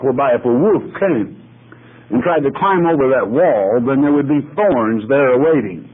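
A male pastor gives a Bible teaching at an unhurried, measured pace, stopping to repeat words he wants to stress. His voice is a little husky, and the sound is narrow and phone-like, like an old broadcast recording. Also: mid-range voice. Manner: deliberate, repeats words for emphasis.

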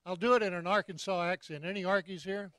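A man's voice: sits high, steady tone, fast talker, dry recording. Jovial preacher in his seventies. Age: 70s. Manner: jovial, joking, bursts of loud praise. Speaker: guest preacher. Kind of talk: sermon.

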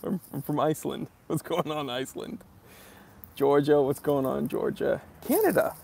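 A man's voice: a little high, flat delivery, moderate pace, gravelly, darkish tone. A man from New England hosting a live stream outdoors outside a library, greeting viewers by name in an upbeat, casual way.

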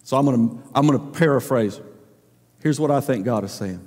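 A man preaching a sermon as pastor, swinging between loud emphatic lines and low quiet ones. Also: brisk, in a large hall.

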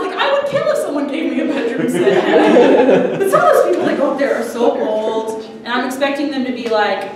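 A woman's voice: sits high, sing-song, brisk. Giggly young woman doing stand-up. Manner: chatty, giggly, swears freely. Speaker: stand-up comedian. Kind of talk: stand-up comedy set. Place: small restaurant comedy stage. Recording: echoey room, mic from far off, crowd noise. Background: audience reacting.

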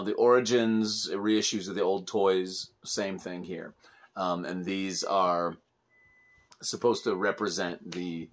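A middle-aged man hosting a casual toy review, explaining things patiently and chuckling often. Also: lowish voice. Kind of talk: casual chat.

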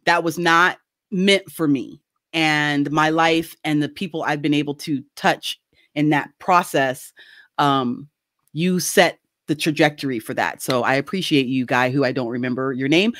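A middle-aged woman telling a casual story on a video call, animated and laughing often as she acts out quoted voices. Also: deep voice, measured pace, dry recording, clean studio sound. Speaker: guest.

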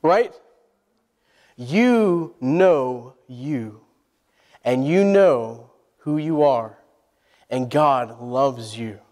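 Here the pastor has a mid-range, darkish voice and speaks extremely slowly, pausing often but staying expressive. He's preaching a sermon in a church sanctuary, asking the congregation questions and inviting them to respond, all under a long church-hall reverb.

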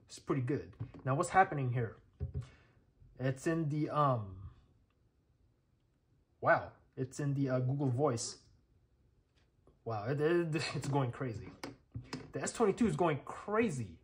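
A man's voice: medium pitch, lively intonation, unhurried, long pauses, a little hiss or hum. Chatty man demoing gadgets on camera. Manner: chatty, thinks aloud, lots of fillers and checks. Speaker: tech reviewer. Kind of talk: casual hands-on demo commentary.

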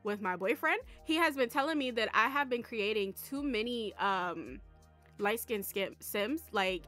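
An excitable young woman chats on in a casual, rambling way, full of fillers. Her voice is bright and sits a little high. Faint music plays behind her. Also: unhurried. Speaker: game creator vlogger. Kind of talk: casual chat.

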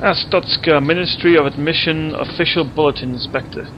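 A man hosts a let's play, giving casual gameplay commentary, joking and chatting while reading game text aloud as he plays. His voice is on the high side and brisk; the audio is dull, with a noisy background of game music.

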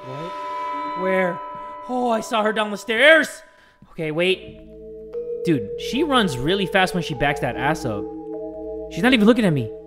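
A man hosting a horror game playthrough, excitable, going from hushed muttering to loud screams, his voice strained from screaming. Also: high voice, measured pace, long pauses. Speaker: gaming video host. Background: creepy game music.

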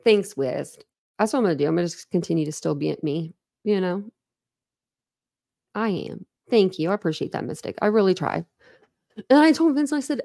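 Woman streamer, mid-pitched, loose and candid, rambles to her chat and laughs at herself. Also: expressive, normal speed, vocal fry, long pauses, dark tone. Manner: laughs often, self-deprecating. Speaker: livestream host. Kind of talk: casual livestream chat.

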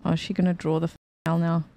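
A woman's voice: on the low side, mellow, slightly rough, no echo. A woman streamer giving chatty, emotional let's play commentary, swearing freely as she reacts to the game. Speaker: gaming streamer.

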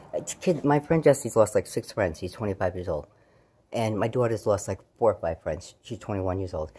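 Middle-aged woman vlogger at home on camera, warm dark voice, emotional and rambling, loud to hushed. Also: extremely low pitch, slightly rough. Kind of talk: casual spiritual vlog.

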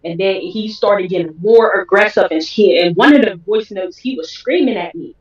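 A woman recounts a personal story at a mid pitch, with animated, vivid storytelling. Her voice sounds a little far from the mic in a roomy space. The sound is slightly dull. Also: moderate pace, hardly any pauses. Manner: animated, acts out others' voices in quotes. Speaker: guest telling her story.

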